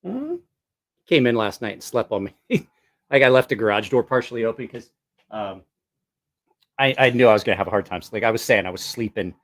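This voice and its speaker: A man's voice: fairly low pitch, fairly quick. A man hosting a casual vlog, chatting and laughing while trying out a new microphone. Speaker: vlog host.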